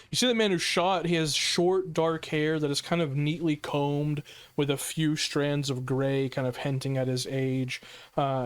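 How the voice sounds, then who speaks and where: A man's voice: mid-range voice, smooth. A man narrating as game master in a tabletop game, describing scenes with many fillers.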